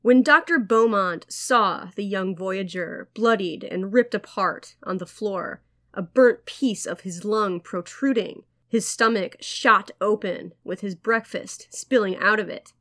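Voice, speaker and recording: A woman's voice: mid-range voice, fairly bright tone. Woman narrating a history podcast. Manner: measured storytelling with wry asides. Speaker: podcast host.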